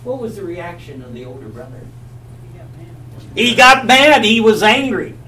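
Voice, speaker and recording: A man's voice: sits high, sing-song, moderate pace, pushed and bright. A man teaching a Bible class, telling a story with animation and quizzing his listeners. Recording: echoey, from a distance, faint hum.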